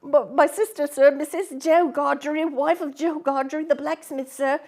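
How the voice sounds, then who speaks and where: A woman's voice: expressive, slow, heavily acted. Woman doing a terrified little orphan boy. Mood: timid. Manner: high, loud, pleading. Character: terrified small orphan boy, timid and pleading.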